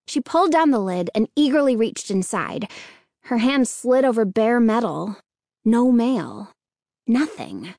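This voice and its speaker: A woman narrating a children's audiobook in a steady, clear storytelling manner. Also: fairly high pitch, dry recording, clean studio sound.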